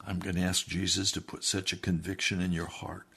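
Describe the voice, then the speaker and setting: A man preaching a sermon, reading aloud from a book and then pleading with his listeners, dropping low and quiet and then building to loud, emphatic appeals. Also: little pitch movement, fairly quick, creaky, husky. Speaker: pastor.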